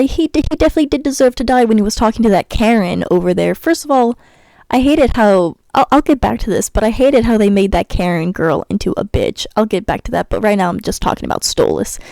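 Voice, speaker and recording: This young woman, a YouTuber reviewing a cartoon episode, has a creaky, slightly mellow, medium-pitched voice. Recorded dry and rough, she rants sassily while gaming, sighing a lot and fumbling her words in exasperation.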